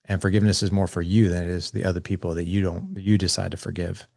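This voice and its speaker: A man's voice: sits low, level tone, fast talker, vocal fry, a little mellow, no echo, studio quality. A man in his forties, a podcast guest, earnestly recounting a talk with his son and acting out both sides of the conversation. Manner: earnest, acts out quoted dialogue with his son. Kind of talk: candid conversational storytelling.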